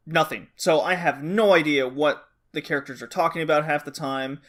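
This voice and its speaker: A man's voice: a little high, normal speed, a bit bright. A man co-hosting a podcast, bluntly complaining and swearing in casual chat. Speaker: podcast co-host.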